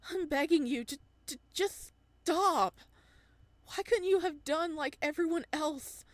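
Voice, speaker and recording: A woman voicing a tormented, violent young man who pleads and shouts in a cracking voice. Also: high voice, unhurried, dry recording, voice pushed up. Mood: anguished.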